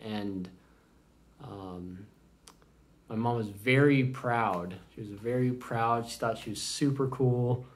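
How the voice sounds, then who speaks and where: A man in his thirties casually telling family stories to camera, rambling and halting with many fillers. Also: medium pitch. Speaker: vlogger. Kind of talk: casual storytelling.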